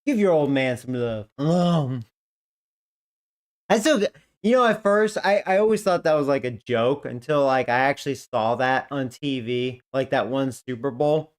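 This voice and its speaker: A man's voice: mid-range voice, measured pace. A man casually commentating a video game, rambling and joking with frequent laughs. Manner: rambling, jokey, laughs often. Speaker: gaming streamer.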